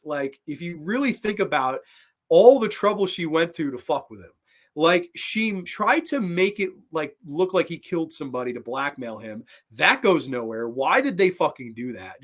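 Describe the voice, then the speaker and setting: A man hosting a podcast, giving a casual, rambling film review full of fillers and swearing. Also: a little high. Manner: rambling, profane, animated, lots of fillers. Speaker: podcast host.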